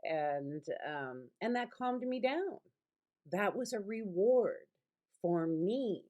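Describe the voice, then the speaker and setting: A woman's voice: lowish voice, expressive, takes it slowly, dark tone. A middle-aged woman teaching a recorded online lecture from her home, rambling and conversational with many fillers and restarts. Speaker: college instructor.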